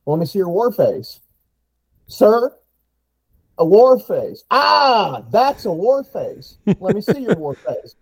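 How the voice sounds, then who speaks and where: A man's voice: on the high side, expressive, normal speed, dark tone, slightly rough, pitched above the performer's own voice. A man putting on the voice of a harsh male drill sergeant who barks mocking taunts. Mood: barking, mocking.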